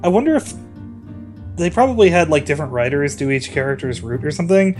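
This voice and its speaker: A man's voice: fairly high pitch, lively intonation, fast, a little mellow, faint music behind. A man commenting casually during a game playthrough, musing and rambling. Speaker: let's-play co-host. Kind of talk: casual chat.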